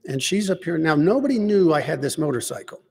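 A man giving a rambling personal faith testimony, halting with many restarts and asides. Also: fairly high pitch, big pitch swings, creaky, darkish tone, breathy edge, in a large hall. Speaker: lay speaker giving personal witness.

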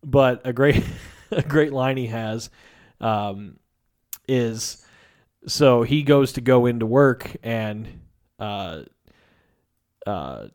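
A man's voice: mid-range voice, expressive, drawn-out words, darkish tone. A man casually discussing a film on a podcast, rambling and laughing often. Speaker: podcast co-host.

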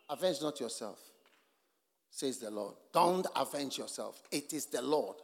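A man preaching a sermon at a church conference, telling stories and acting out the people he quotes, swinging from hushed asides to shouting. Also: medium pitch, animated, unhurried, creaky. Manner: storytelling, acts out the people he quotes. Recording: long hall reverb.

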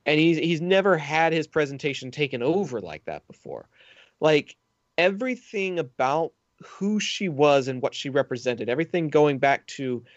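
Guy w a higher voice picking apart a movie character, casual podcast chat, kinda lo-fi sound. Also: expressive, normal speed, no echo. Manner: detailed, thoughtful movie analysis. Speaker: podcast co-host.

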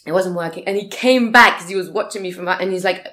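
A woman telling a story casually, animated, swearing and laughing often. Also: on the low side, quick pace, hardly any pauses, reverberant. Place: living in a big city abroad.

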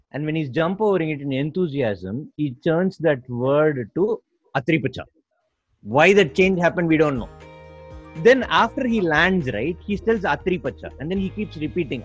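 A man's voice: mid-range voice, expressive, moderate pace, slightly rough, dry recording. A man teaching about awareness, explaining step by step and acting out little stories. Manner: didactic, repeats points, acts out quotes. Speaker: guest speaker. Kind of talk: explanatory talk with storytelling. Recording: dull lo-fi recording, faint music.

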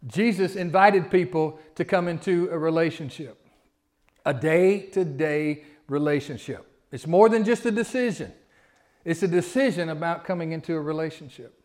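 A pastor preaching a sermon, his voice sitting a little high for a man. He talks in a folksy way, repeats his words and presses his points with rising emphasis. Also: normal speed, a little mellow. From Southern United States.

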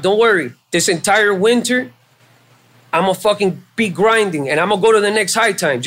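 Guy with a pretty high voice, swearing a lot, acting out who said what, casual podcast story. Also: normal speed. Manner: animated and profane, acting out quoted exchanges. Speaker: podcast guest. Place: live show at a venue.

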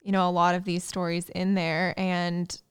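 A woman interviewing a guest, speaking in an unhurried, complimentary way. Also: on the low side, little pitch movement, clear, resonant tone, no room sound, studio quality. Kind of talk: casual interview chat.

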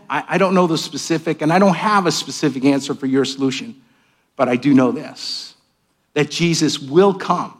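A male pastor delivering a sermon in a church sanctuary, his voice sitting a little above the usual male range. He preaches with animation, rising for emphatic questions and dropping to quiet, intimate asides. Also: a little high. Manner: animated preaching, swings between raised emphatic lines and hushed asides.

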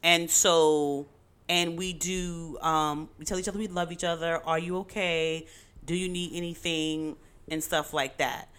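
A woman's voice: deep voice, steady tone, measured pace, a bit bright, clear, resonant tone. A middle-aged woman co-hosting a married couple's podcast, chatting in a playful, teasing way. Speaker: podcast co-host. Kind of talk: casual chat.

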